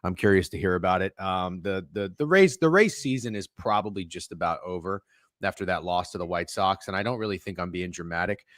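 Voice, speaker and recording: A man's voice: low voice, animated, a little fast, a bit bright, dry recording, clean studio sound. A man hosting a sports betting podcast, talking in casual, profane, defensive banter. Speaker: podcast host.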